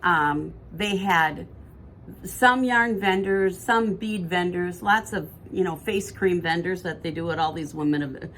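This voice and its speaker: A woman with a fairly low voice, talking casually as a podcast co-host. She rambles and corrects herself mid-sentence. A faint hiss of room noise sits under her voice. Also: a little slow, a bit bright. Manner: chatty, rambling, self-correcting. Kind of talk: casual chat.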